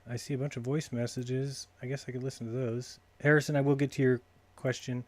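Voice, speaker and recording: A man's voice: mid-range voice, flat delivery, fairly quick, no room sound. Man muttering through a live call-in show. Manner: distracted, muttering while fiddling with call settings. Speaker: livestream host taking calls. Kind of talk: casual live-stream talk.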